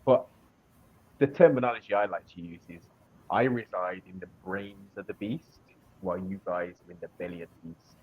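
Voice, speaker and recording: Husky man with a Birmingham accent. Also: sits low, normal speed. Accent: Birmingham English. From England. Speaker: guest. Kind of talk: casual chat. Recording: dull lo-fi call audio.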